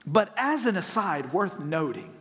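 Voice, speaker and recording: A man from North Carolina, preaching a sermon as pastor and acting out voices in animated storytelling. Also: sits high, measured pace. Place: church auditorium. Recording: long reverb of a large hall.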